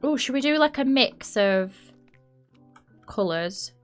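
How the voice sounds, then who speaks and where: A woman's voice: sits high, animated, slow, faint music behind. A woman with a Yorkshire accent chatting casually while streaming a building game, rambling and often correcting herself. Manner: rambling, chatty, frequent laughs and self-corrections. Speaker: live streamer.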